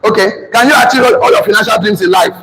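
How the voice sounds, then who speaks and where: A man's voice: high voice, fast talker, heavy background noise. A man with a Nigerian accent giving a motivational class lecture, emphatic and repetitive, drilling his audience in call-and-response. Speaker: motivational teacher.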